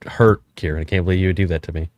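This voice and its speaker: A man's voice: sits low, steady tone, very fast, muffled recording, a crowd in the background. A man from East Tennessee pressing questions in a teasing, argumentative casual debate. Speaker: panel guest.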